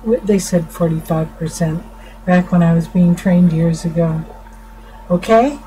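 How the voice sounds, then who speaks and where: A middle-aged woman counselor explaining to viewers in an informal talk, unhurried, restarting her sentences often. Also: on the low side, mellow, soft background music, poor audio. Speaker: family counselor. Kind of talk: informal teaching talk to camera. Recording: faint background noise.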